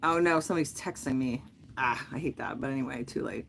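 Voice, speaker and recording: A woman's voice: very deep voice, fast, creaky, fairly bright tone, breathy edge. A middle-aged woman hosting a livestream, telling a long story in a casual, rambling way, full of fillers and self-corrections. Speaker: livestream host.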